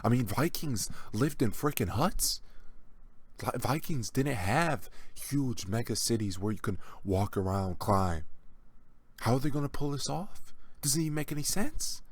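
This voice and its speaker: A man's voice: medium pitch, animated, a little slow, slightly rough, no echo. A man hosting a gaming channel, delivering a sarcastic reaction rant in a mocking, exasperated way and often repeating himself.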